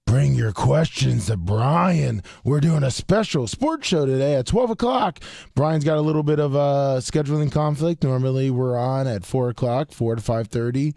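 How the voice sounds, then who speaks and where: Gravelly-voiced man hosting sports talk. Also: mid-range voice, expressive, warm tone, no room sound, clean studio sound. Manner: halting, with many restarts and fillers. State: voice worn from yelling. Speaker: sports talk show co-host. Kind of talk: casual sports talk chat. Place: radio studio.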